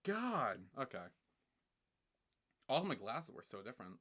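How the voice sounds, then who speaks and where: A man in his twenties streaming a reaction, excitable and laughing, swearing often. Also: mid-range voice, measured pace. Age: 20s. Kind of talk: livestream reaction commentary.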